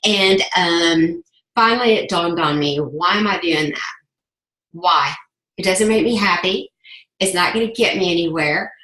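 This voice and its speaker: Her voice is on the low side, bright and forceful, and she keeps a measured pace. The middle-aged woman, a sales ambassador, gives an impassioned testimonial full of repeated phrases, recorded in a room with echo.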